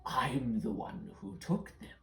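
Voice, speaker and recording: A woman voicing a sly shadow creature that hoards stolen shadows, speaking in a slow raspy whisper. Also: very deep voice, reverberant, a little hiss or hum, exaggerated voice, rough recording. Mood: menacing whisper.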